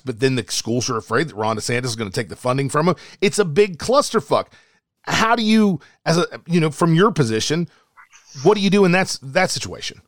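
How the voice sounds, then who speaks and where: A man's voice: on the high side, animated, fairly quick, dry recording, studio quality. A man hosting and moderating a podcast debate, pressing his panelists with emphatic questions.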